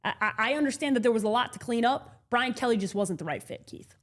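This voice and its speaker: A woman's voice: a little high, expressive, quick pace. A woman co-hosting a casual sports talk show, blunt and emphatic, swearing casually as she makes her case. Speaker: co-host.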